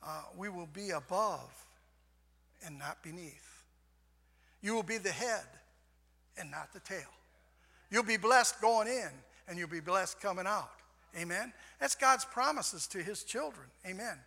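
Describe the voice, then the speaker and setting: An older man preaching a sermon in a folksy way, repeating "amen" and swinging from soft passages to shouts. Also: high voice, expressive, unhurried, creaky. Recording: long hall reverb.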